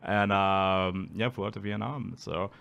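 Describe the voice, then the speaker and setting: Lowish-voiced man telling his story. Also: measured pace, gravelly, dull audio. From Alaska. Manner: animated, laughs often, acts out quotes. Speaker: guest. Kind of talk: casual interview storytelling.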